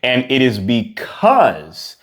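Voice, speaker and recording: A young man teaching a singing warm-up, talking earnestly and repeating words for emphasis. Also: medium pitch, huge pitch swings, slow pace. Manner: earnest, repetitive, encouraging. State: out of breath after exercises. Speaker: vocal coach. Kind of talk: singing lesson with demonstrations. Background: piano.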